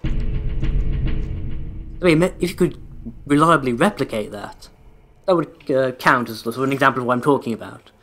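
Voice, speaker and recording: A man's voice: mid-range voice, normal speed, pauses often, fairly bright tone, faint music behind. Rambling man with dry humour. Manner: rambling, dry self-deprecating humour, addresses viewers. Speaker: let's play host. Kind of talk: casual gameplay commentary.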